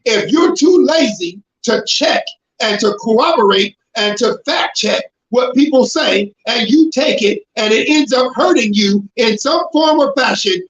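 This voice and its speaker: Male preacher, very high voice, emphatic and confrontational, roomy dull lo-fi recording. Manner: emphatic, confrontational, with sudden shouted bursts. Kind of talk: preaching to a congregation.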